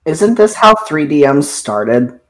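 Slow, hesitant man, slightly high. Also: big pitch swings, a bit bright, poor audio. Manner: hesitant, unsure. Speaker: podcast co-host. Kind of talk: casual chat.

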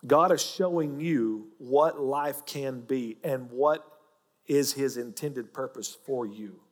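A man's voice: medium pitch, slow pace, big-room sound. A man with an Oklahoma accent preaching a sermon, folksy and joking as he teaches. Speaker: pastor.

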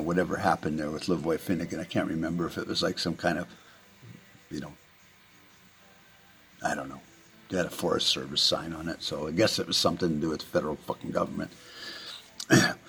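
Husky low-voiced man in a profane rant. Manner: profane, heated, rambling with restarts. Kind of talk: impassioned political rant.

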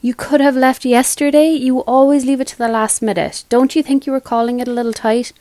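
A woman's voice: fairly high pitch, flat delivery, quick pace, dark tone, no room sound, voice pushed up, close to an everyday voice. A woman reading aloud as a harried, overworked woman who is short-tempered about Christmas. She talks in curt, sarcastic bursts, and the voice is close and dry with no room sound. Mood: irritated. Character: stressed, snappish woman juggling work and Christmas.

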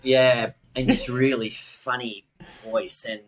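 A man's voice: mid-range voice, takes it slowly, slight background noise, poor audio. A man, hosting a podcast and telling a casual anecdote with lots of fillers. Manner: relaxed, animated anecdotes with many fillers. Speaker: podcast host. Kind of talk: casual storytelling.

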